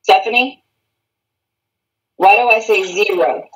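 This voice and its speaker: A woman's voice: medium pitch, takes it slowly, breathy edge, low-quality recording. A woman teaching a radiology class, repeating key terms and checking in with students. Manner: repeats key words and checks understanding with questions. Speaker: radiology instructor. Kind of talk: classroom lecture.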